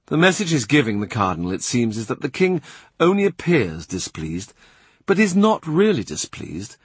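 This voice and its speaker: A man reading a literary novel aloud in a measured, understated way. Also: mid-range voice, very animated, husky, dry recording. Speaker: audiobook narrator. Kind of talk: scripted literary narration.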